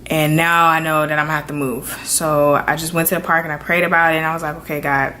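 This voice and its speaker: A young adult woman vlogging to camera, telling a personal story with earnest, animated delivery and acted-out quotes. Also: sits low, fast, a little hiss or hum. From Florida.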